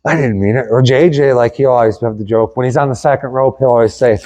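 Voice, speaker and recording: A man's voice: medium pitch, fast, few pauses, a little hiss or hum, poor audio. A man who wrestles, telling backstage stories in casual chat, swearing freely and acting out what people said. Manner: animated, profane, acts out quotes loudly.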